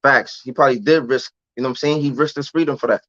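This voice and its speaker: A man's voice: medium pitch, fairly even intonation, fast, fairly bright tone, no echo. A man, telling a candid story as a podcast guest in streetwise slang. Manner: streetwise slang, often adds "you know what I'm saying". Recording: dull, dry lo-fi recording.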